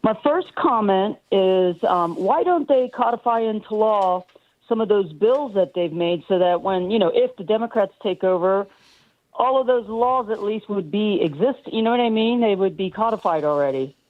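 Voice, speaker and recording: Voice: mid-range voice, normal speed. A radio caller speaking earnestly and plainly about politics. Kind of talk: call-in talk radio. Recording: tinny phone line.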